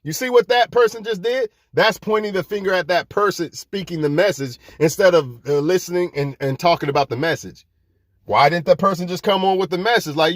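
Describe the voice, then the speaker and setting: A man's voice: a little high, fairly quick, no room sound. A man giving fiery life advice to his viewers in a profane, preachy rant.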